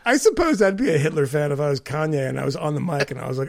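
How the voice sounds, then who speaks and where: A man co-hosting a podcast in loose, profane banter, tipsy after several cocktails. His voice sits fairly high for a man and has a gravelly rasp. The sound is dry and close. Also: expressive, no room sound. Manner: crude, sarcastic, quick jokes. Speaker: podcast co-host.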